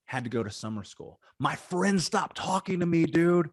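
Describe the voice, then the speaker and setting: A man in his thirties from Indiana, a guest in an interview, telling his life story in an animated, slangy way with some swearing. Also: on the high side, normal speed, dry recording, clean studio sound. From Indiana, USA.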